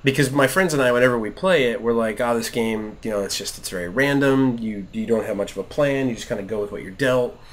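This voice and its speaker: Brief: man, 30s, casual gaming podcast co-host, lively storyteller who acts out dialogue, laughs a lot. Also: mid-range voice, quick pace, hardly any pauses. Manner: animated storyteller, acts out quotes, laughs often. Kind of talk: casual chat while gaming.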